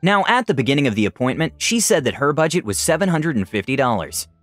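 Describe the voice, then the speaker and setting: A man tells a first-person story with a lively, swooping pitch and a sarcastic edge in his asides. The sound is dry and close, and faint music plays underneath. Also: fast, no room sound.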